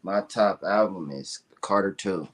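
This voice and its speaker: A young man co-hosting a casual podcast, telling stories in an animated, slangy way. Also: deep voice, measured pace. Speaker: podcast co-host. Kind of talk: casual chat.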